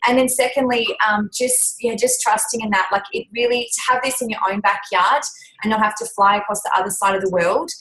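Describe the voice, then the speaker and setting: A woman sharing her experience on a team call. Her delivery is chatty and earnest, and she keeps gently persuading the listeners. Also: mid-range voice, brisk, rough recording. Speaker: team member. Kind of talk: motivational testimony.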